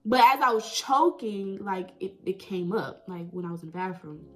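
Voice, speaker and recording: A young woman telling a personal story in a chatty, animated way, full of "like" and "right?". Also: mid-range voice, moderate pace, soft background music, poor audio. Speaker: vlogger. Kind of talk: casual storytime.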